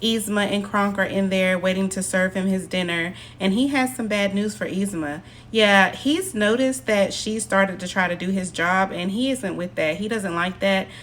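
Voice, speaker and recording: A woman recapping a movie in a loose, conversational way, often slipping in "like" and acting out lines in her own voice. Her pitch sits in a middle range. A faint hiss of background noise sits under the voice. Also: normal speed, hardly any pauses. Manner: chatty, quotes characters in her own voice with fillers like "like". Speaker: film recap narrator. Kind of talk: casual plot retelling.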